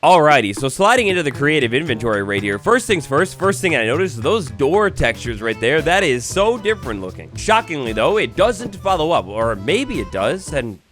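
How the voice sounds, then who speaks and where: A young man giving excited blind-reaction commentary on a video game, swinging between hushed awe and loud exclamations. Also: on the high side, normal speed, few pauses, soft background music. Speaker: gaming YouTuber.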